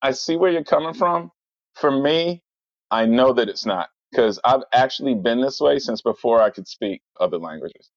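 Rambling, animated man, dry muffled audio. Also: medium pitch, moderate pace, dry recording. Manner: rambling, animated storyteller with many fillers. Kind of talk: casual chat.

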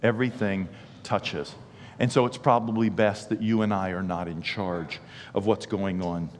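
Impassioned preacher in a reverberant hall. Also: male voice, on the low side, steady tone, normal speed. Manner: swings from quiet to loud, impassioned repetition. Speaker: pastor. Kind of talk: sermon.

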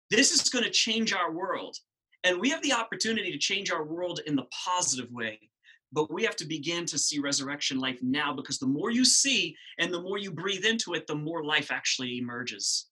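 A middle-aged male pastor preaching an Easter sermon, conversational and animated, often asking the congregation questions. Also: on the high side, husky, rough recording.

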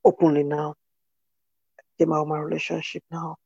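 Husky woman, gravelly and dark. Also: low-pitched, level tone, dry recording, dull audio. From Cameroon. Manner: earnest, halting, with many restarts. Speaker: interview guest. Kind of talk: personal testimony in conversation.

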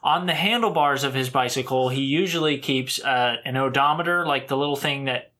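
A man on a casual podcast, telling a family story with lively acted-out voices. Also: a little fast. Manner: animated storyteller, acts out voices with big pitch jumps. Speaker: podcast co-host.

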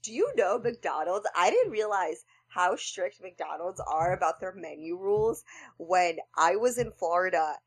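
A woman's voice: lowish voice, lively intonation, a little slow, breathy edge, poor audio. A young woman co-hosting a casual podcast, joking, laughing and swearing freely. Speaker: podcast co-host. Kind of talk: casual chat.

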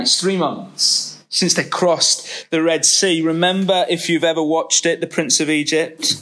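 A man's voice: a little high, measured pace. A middle-aged man preaching a sermon, reading scripture and acting out quotes with humor. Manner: lively, expressive preaching with humor and acted-out quotes.

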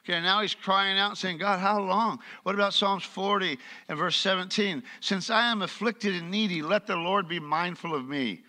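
Middle-aged male preacher, high and very bright voice, lively sermon delivery with questions to the congregation. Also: normal speed, hardly any pauses. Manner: animated preaching, reads scripture aloud, asks the congregation questions. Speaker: pastor. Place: church.

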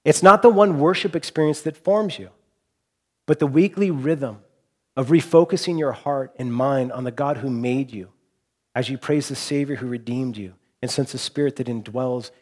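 A man preaching a sermon as pastor, earnest, rising to impassioned repeated phrases and dropping to quiet reflection. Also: mid-range voice, moderate pace. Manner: drops to quiet, soft delivery for reflective points.

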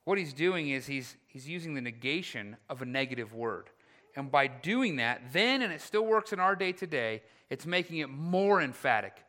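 A man preaching a sermon as pastor, moving between loud, driving passages and hushed, slow ones. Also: medium pitch.

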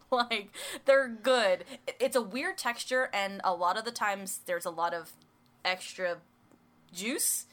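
An American woman co-hosting a podcast in casual chat, quick to laugh. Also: medium pitch, fairly bright tone. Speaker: podcast co-host.

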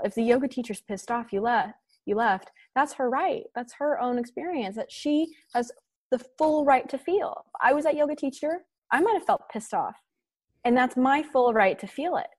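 A woman talks about listening to intuition in earnest, encouraging tones. Her voice sits at a middle pitch. The recording is close and dry, with no room sound. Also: no echo. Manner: earnest, encouraging, spiritual wording. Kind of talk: reflective podcast conversation.

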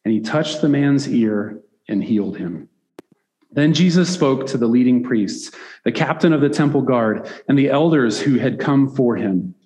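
A man's voice: mid-range voice, animated, moderate pace, dark tone. Man preaching in a reverberant hall. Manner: reads passages aloud, breaks off into casual asides with "right?". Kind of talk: sermon reading scripture with commentary.

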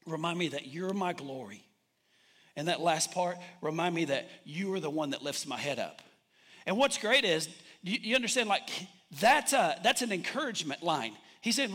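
Guy preaching a sermon, pretty high bright voice, keeps repeating himself as he builds up. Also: normal speed. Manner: animated preaching with repeated phrases and restarts. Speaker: pastor.

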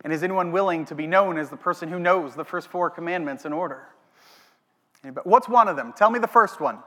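A man preaching a sermon as a pastor, animated, asking the congregation questions. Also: a little high, fast talker. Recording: long hall reverb.

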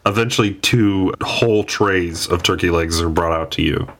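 A man narrating as game master of a tabletop game, halting and hesitant. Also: low voice, a bit bright, slight background noise.

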